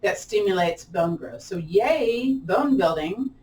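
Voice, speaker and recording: Playful yoga teacher with a lilt. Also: female voice, expressive, takes it slowly, a little mellow, recorded from a distance, low-quality recording. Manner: playful, laughs often, pitch jumps up on effort. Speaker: yoga instructor. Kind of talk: chatty guided exercise class.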